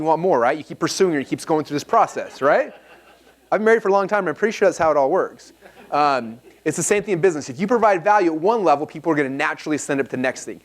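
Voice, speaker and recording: A man in his thirties speaking to a live audience at a business seminar, telling stories animatedly and acting out the dialogue. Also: fairly high pitch. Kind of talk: storytelling seminar talk. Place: event hall with a live audience.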